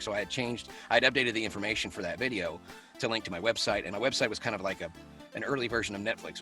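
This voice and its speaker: A man guest talks quickly in a bright, forceful voice and tells animated stories with frequent laughs. His voice sits slightly low. Faint music plays behind him. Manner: animated storyteller who laughs often. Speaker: voice actor guest. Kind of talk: casual interview chat.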